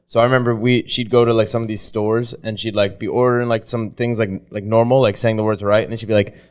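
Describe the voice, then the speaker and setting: A man co-hosting a podcast, telling stories in a relaxed, casual way full of fillers and swearing. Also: on the low side, fast talker, clear, resonant tone.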